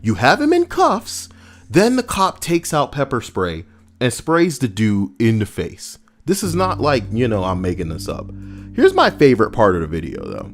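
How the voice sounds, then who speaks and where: A man's voice: mid-range voice, huge pitch swings, moderate pace, soft background music. A man giving an indignant, profane, mocking commentary on a video he watched.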